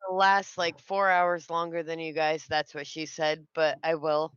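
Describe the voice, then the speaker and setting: A woman's voice: low-pitched, little pitch movement, unhurried, lo-fi sound, background noise. A woman co-hosting a casual livestream chat, blunt and cheeky, swearing freely. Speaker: show co-host.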